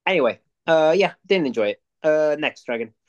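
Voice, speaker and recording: A young man co-hosts a podcast, rambling through movie reviews in casual, swear-heavy chat and animated storytelling. His voice is fairly high and fairly quick, and the recording has its highs cut off.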